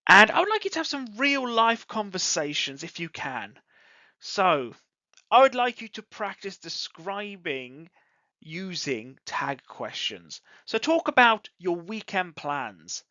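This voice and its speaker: An English teacher explains a lesson in a bright, lively voice that swoops up and down to show intonation. The delivery is clear and encouraging. It is a dry, slightly dull, lo-fi recording with no room sound. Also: mid-range voice, takes it slowly, no echo. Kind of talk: online language lesson.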